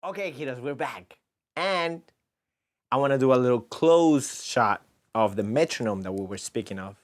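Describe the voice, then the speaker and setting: A man's voice: medium pitch, expressive, moderate pace. A man teaching a music lesson to children, patiently explaining and counting beats aloud.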